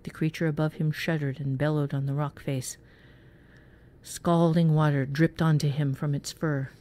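A woman narrating a dark fantasy story in a measured, even way. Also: low voice. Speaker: story reader. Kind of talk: scripted narration.

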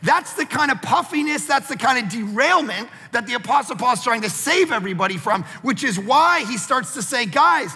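A man in his forties, a pastor preaching a sermon, who tells a lively family story and acts out the voices in it. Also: extremely high pitch, normal speed, hardly any pauses, breathy edge, big-room sound, faint music behind.

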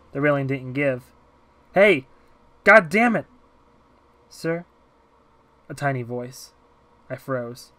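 Guy doing a homemade audiobook read, plain steady narration. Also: mid-range voice. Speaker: audiobook reader.

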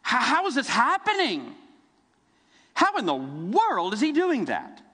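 A middle-aged man preaching a sermon, telling the story vividly with dramatic pauses. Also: extremely high pitch, wildly swooping pitch, bright, forceful tone, husky, in a large hall. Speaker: pastor. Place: church sanctuary.

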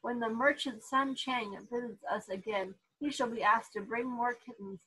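A woman's voice: fairly high pitch, steady tone, normal speed, fairly bright tone, husky, rough recording. A woman voicing a young boy emperor who speaks in a proud, formal way. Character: young boy emperor, sulky then commanding.

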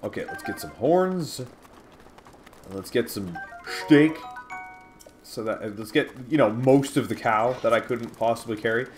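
A man hosting a let's-play, giving excitable, casual commentary, swearing at and taunting enemies. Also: mid-range voice, a little slow, soft background music. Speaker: gaming channel host.

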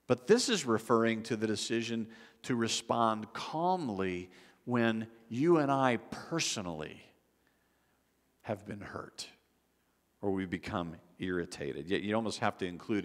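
Low-voiced pastor preaching in a reverberant hall. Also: male voice, expressive, unhurried. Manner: conversational preaching with frequent restarts and acted quotes. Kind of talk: sermon. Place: church sanctuary. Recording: long church hall reverb.

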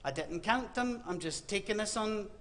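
Wry preacher with a West Virginian accent. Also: male voice, high-pitched, expressive, moderate pace, a bit bright. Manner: wry storytelling, dry punchlines. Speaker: preacher speaking to students. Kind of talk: humorous sermon talk.

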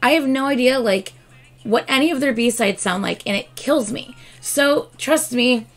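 A woman's voice: fairly high pitch, unhurried. A woman hosting a music reaction channel, talking casually to her viewers in a rambling, chatty way full of fillers, with a dry, scratchy throat. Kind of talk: casual talk to camera.

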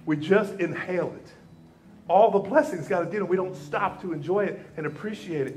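A man preaching a Sunday sermon as the church's pastor. He tells lively stories and moves into a quiet, earnest prayer. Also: on the high side, brisk, faint music behind. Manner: animated storytelling, softening into prayer. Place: church sanctuary.

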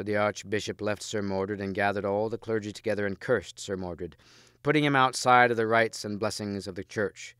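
A man reading a storybook aloud in a measured, steady way, close to the mic. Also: fairly low pitch, smooth, no room sound. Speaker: audiobook reader.

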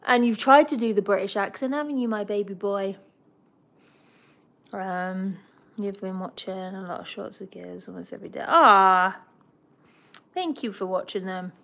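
A woman's voice: mid-range voice, normal speed, creaky, long pauses, a bit bright. A young woman hosting a casual livestream about her pet bird, chatting and giggling as she talks to the bird and the viewers. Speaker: pet bird channel host.

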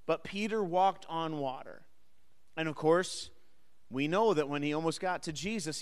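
A man's voice: fairly high pitch, clear, resonant tone, big-room sound. A man teaching an adult Sunday school class, speaking conversationally, asking the class questions and joking lightly with them. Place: church classroom or hall.

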